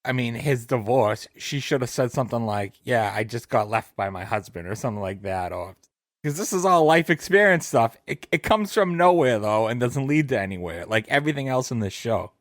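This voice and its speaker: A man with a middle-pitched voice, speaking in a casual podcast chat. He picks apart the show's writing in a critical, dry way, and he sounds close and dry on the mic. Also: animated, a little fast, dry recording. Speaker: podcast co-host.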